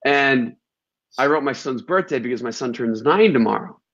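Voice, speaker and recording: A man's voice: medium pitch, lively intonation, moderate pace, a bit bright. Man host with dull lo-fi sound. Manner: candid, reflective, conversational. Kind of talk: casual interview chat.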